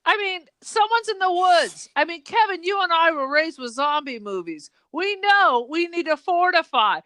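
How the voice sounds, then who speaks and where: A woman's voice: very high-pitched, expressive, normal speed, pushed and bright, no echo. A woman co-hosting a podcast, reacting to a movie in an exasperated, emphatic way. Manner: exasperated, emphatic, laughs often. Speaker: podcast co-host. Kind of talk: casual movie-review chat.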